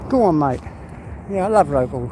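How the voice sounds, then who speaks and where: A man's voice: on the high side, expressive, normal speed. A man with an East London accent, chatting casually and rambling while he walks his dog on a busy street. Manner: rambling, chatty, mild swearing. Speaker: vlogger. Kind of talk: casual live chat while walking a dog. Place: outdoors on an urban street with traffic. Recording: outdoor street noise and traffic.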